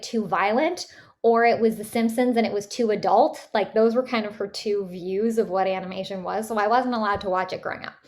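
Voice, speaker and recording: A woman from Canada, a voice actress, chatting casually in an interview with many fillers and restarts. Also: mid-range voice. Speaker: voice actress guest.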